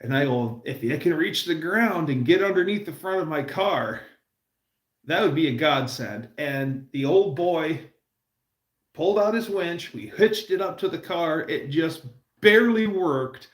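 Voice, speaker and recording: A man's voice: fairly high pitch, animated, measured pace, reverberant. A man hosting a livestream, telling a rambling car story with restarts and laughs. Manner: rambling, self-interrupting anecdotes with laughs. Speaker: livestream host. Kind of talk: casual storytelling.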